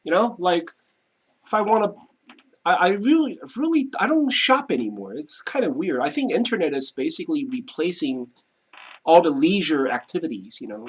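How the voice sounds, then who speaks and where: Husky-voiced guy rambling at his desk, pitch jumping all over, keeps saying you know. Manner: rambling, repeats himself, frequent "you know" and "right". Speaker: vlogger. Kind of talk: casual monologue to camera. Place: home, seated at his desk.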